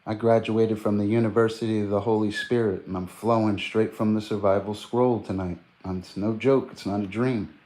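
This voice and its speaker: A man's voice: fairly low pitch, fairly even intonation, normal speed, few pauses, dark tone, slight background noise. A man livestreaming in a casual, boastful, preachy way, quoting scripture at length.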